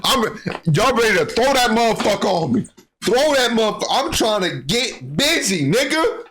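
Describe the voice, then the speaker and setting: Man voicing a rowdy wedding crasher, way up high and loud, full of swagger. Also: big pitch swings, normal speed, heavily acted. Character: rowdy male fighter crashing a wedding party.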